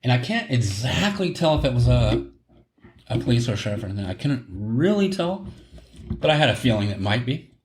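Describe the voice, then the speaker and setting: A middle-aged podcast host tells a long story in a casual chat, his medium-pitched voice sing-song and brisk. He rambles, corrects himself, and laughs at his own tale, with background noise and a roomy echo in the recording.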